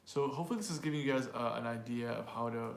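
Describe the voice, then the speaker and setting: A man's voice: medium pitch, creaky. Man teaching pronunciation in a roomy space. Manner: slow, drawn-out repetition of example phrases. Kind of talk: relaxed online lesson. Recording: roomy with faint noise.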